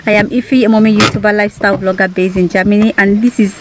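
A woman's voice: mid-range voice, fairly even intonation, fast talker, hardly any pauses. A woman with a Nigerian accent chatting casually as a mom vlogger, coaxing and affectionate with her children. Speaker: mommy vlogger. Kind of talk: casual vlog chat. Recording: echoey with loud background noise.

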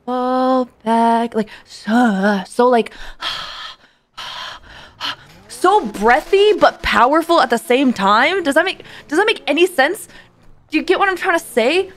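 A woman streamer reacting casually to a song, effusive and excitable and swearing freely. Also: sits high, measured pace.

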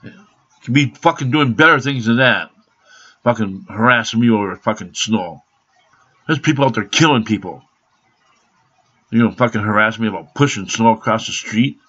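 A man ranting angrily to his camera, profane and rambling, with bursts of shouting. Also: on the low side, normal speed, long pauses, highs cut off. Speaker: vlogger. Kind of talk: angry rant to camera.

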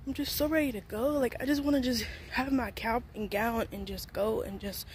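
A woman's voice: on the high side, moderate pace, slight background noise. A young woman, a college student vlogger, venting and rambling casually to her viewers with lots of filler words. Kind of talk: casual vlog talk to camera.

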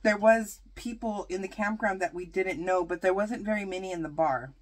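A woman vlogger chatting through a storytime while eating, animated and full of fillers. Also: medium pitch, normal speed. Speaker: mukbang vlogger.

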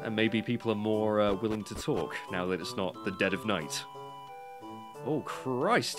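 A British let's play commentator chats casually over game music, reading the game's dialogue aloud in a plain voice, swearing, and poking fun at himself. His voice is fairly low, expressive, and moderately paced.

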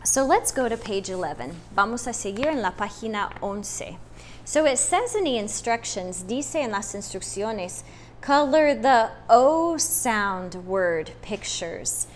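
Slow, bilingual teacher woman. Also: a little high, animated, slight background noise. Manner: repeats each step in English then Spanish, stretches words slowly; emphatic "no" and drawn-out vowel sounds. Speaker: first-grade teacher. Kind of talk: bilingual phonics lesson.

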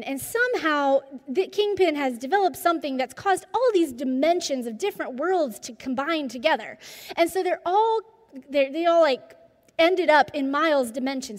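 A middle-aged woman giving a devotional talk, telling stories with lively energy and dropping to near-whispers for emphasis. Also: sits high. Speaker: speaker. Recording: long hall reverb.

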